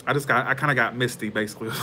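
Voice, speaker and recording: Man, tarot livestream host, loose rambling chat, medium pitch, quick to laugh, faint hum behind. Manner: rambling, heartfelt, laughs easily. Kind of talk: casual livestream chat with viewers.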